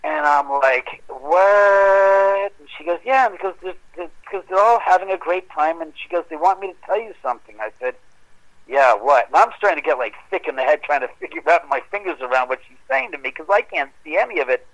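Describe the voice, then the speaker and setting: A man's voice: quick pace, lo-fi sound. A man telling a long personal ghost story in a casual chat, acting out the voices in his quotes. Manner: animated, acts out quoted dialogue with rising pitch. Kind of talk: casual storytelling on a podcast call.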